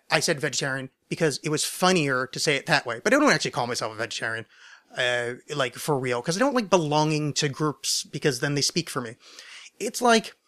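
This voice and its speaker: A man's voice: a little high, a bit bright. Stammering overcaffeinated man rambling solo. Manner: rambling, stammering, self-deprecating. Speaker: podcast host. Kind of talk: solo podcast, answering listener questions.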